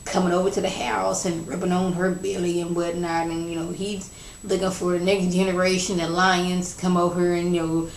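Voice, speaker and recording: A woman's voice: fairly low pitch, little pitch movement, normal speed, creaky, a little hiss or hum. A woman giving a casual spoken TV episode recap, chatty and slangy, full of "you know" and "like". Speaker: TV episode reviewer. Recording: echoey room.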